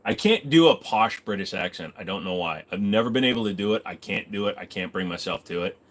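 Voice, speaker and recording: A man with a lowish, slightly bright voice talks fairly quickly and with animation while hosting a casual livestream from his home computer desk. He rambles, jokes, and swears freely.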